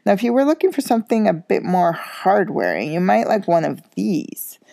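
Woman doing a brisk pet-shop witch. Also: medium pitch, expressive, vocal fry, dark tone, dry recording, clean studio sound, pitched above the performer's own voice. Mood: matter-of-fact.

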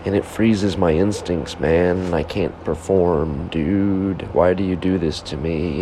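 Speaking slowly with few pauses, a man with a low-pitched, steady, dark-toned voice rambles through a solo podcast in a room at home. He keeps cutting himself off and heckling himself, and the poor audio carries a background fan hum.

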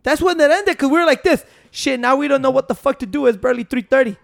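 A man's voice: extremely high pitch, fast, vocal fry, fairly bright tone. A young man on a podcast, teasing and arguing with his friends and swearing a lot. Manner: teasing, profane, argumentative. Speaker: podcast co-host. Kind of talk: casual chat.

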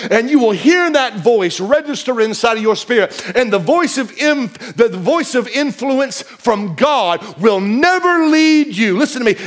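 Preaching pastor who swings loud and soft. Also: male voice, extremely high pitch. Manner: preaching with big swings from loud to hushed, repeating phrases. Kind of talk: sermon. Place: church.

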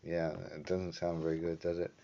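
A man's voice: sits low, monotone, brisk, background noise. A man with a New Zealand accent hosting a vlog, rambling in a laid-back, casual way and swearing offhandedly. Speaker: vlog host. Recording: dull lo-fi sound.

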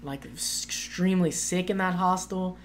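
A woman's voice: lowish voice, moderate pace, a little hiss or hum. A woman co-hosting a casual chat, telling a long story with many fillers and acted-out quotes. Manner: animated, acts out quoted voices with lots of "like".

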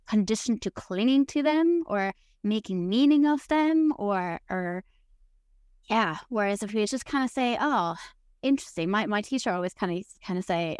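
Woman host just chatting, lots of likes and restarts, mid pitch, dry sound. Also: moderate pace, darkish tone, clear, resonant tone, no room sound. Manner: chatty, with many fillers and self-corrections. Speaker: podcast host. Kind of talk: casual chat.

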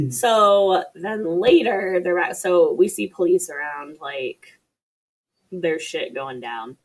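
Woman, lowish voice, slow laid-back talk, casual film recap. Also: poor audio. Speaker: podcast co-host.

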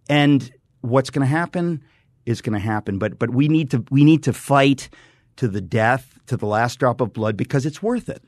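A man's voice: mid-range voice, normal speed, darkish tone, dry recording. A middle-aged man speaking as a guest in a radio studio, fervent and emphatic, often repeating and restarting phrases. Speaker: guest author and radio host. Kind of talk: impassioned studio conversation.

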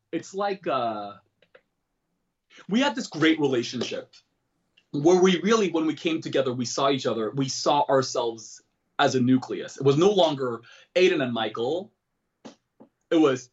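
A man telling a candid personal story in an interview, self-deprecating and joking about dark things. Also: mid-range voice, unhurried, pauses often, lo-fi sound. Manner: animated, switches into quoted voices. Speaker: comedian and guest.

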